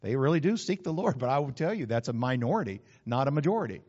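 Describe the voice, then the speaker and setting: A man's voice: medium pitch, animated, fast talker, darkish tone, lo-fi sound. A man preaching a sermon, folksy and conversational, slipping into acted asides. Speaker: pastor.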